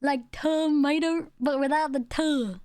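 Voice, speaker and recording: A woman's voice: sits high, fairly even intonation, a little slow, darkish tone, dry recording, studio quality. A young woman, chatting casually with her stream chat, rambling and laughing as she goes. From England.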